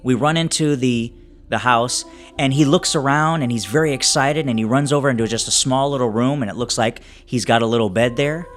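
A man playing a tabletop role-playing game, narrating his character's actions in a halting way with many restarts. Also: mid-range voice, faint music behind. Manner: halting, many restarts while describing scenes. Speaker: player.

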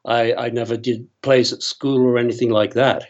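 A man's voice: medium pitch, flat delivery, moderate pace, lo-fi sound. A man in his sixties from Northern Ireland, an actor guest telling rambling stories in a casual interview and laughing often. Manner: chatty, rambling storyteller who laughs often.

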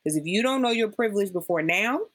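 Speaking fast in a medium-pitched voice, this woman is a guest on a conversational podcast interview. Her delivery is emphatic and animated, and she acts out the things people said to her.

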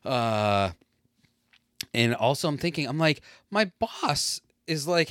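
A man's voice: on the low side, normal speed, fairly bright tone, smooth, dry recording, studio quality. A man in his late thirties telling a rambling, self-deprecating story in a casual solo monologue. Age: 30s.

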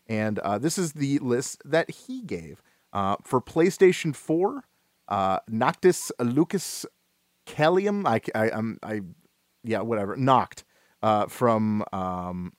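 A man hosts a relaxed gaming podcast and talks at a middling pitch, rambling and restarting his sentences with plenty of fillers. The sound is dry and close, with no room around it. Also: no echo. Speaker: podcast host. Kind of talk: casual gaming podcast chat.

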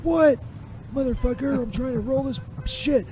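A man playing a cranky, foul-mouthed man struggling with a wheelchair in a live radio comedy bit, swearing and yelling. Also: very high voice, normal speed. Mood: furious. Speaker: radio show sidekick.

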